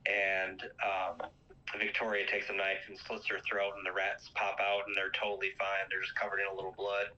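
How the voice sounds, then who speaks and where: Man, casual movie recap, rambling with fillers, slightly low pitch, very bright tone. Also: completely flat delivery, normal speed, muffled recording, slight background noise. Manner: rambling, filler-heavy retelling with quoted lines.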